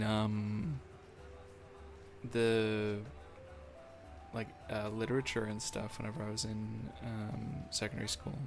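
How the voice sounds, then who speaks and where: Young male streamer, lowish voice, loose self-mocking ramble, faint music under him. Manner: rambling, self-deprecating, filler-heavy. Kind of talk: casual live-stream chat.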